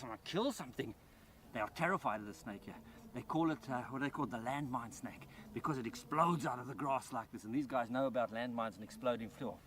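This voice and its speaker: A man presenting wildlife outdoors by paddy fields, with a middle-pitched voice and an eager, explaining manner. Faint outdoor sound sits behind him. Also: a bit bright, a little hiss or hum. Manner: enthusiastic, explains while handling animals.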